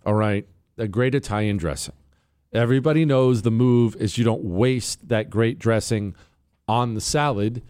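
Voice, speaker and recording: Animated male talk radio host. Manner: animated, swings high when incredulous. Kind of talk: casual talk radio monologue.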